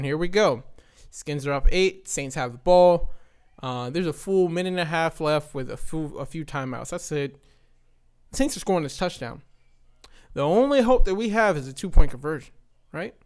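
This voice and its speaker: A man in his twenties, a podcast host, telling a casual sports story in an exasperated rant, often tagging his sentences with "right?". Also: on the high side. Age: 20s.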